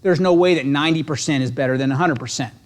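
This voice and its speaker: Man, high voice, motivational sales trainer, energetic, conversational, punchy. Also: quick pace. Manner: energetic, punchy, keeps asking "right?". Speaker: real estate coach.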